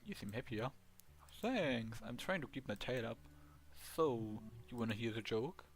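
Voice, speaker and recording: A man's voice: medium pitch, animated, measured pace. A man with a German accent reading the lines of a cheerful, eager male ghost dog in a video game. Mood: joking. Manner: earnest, eager, simple phrasing.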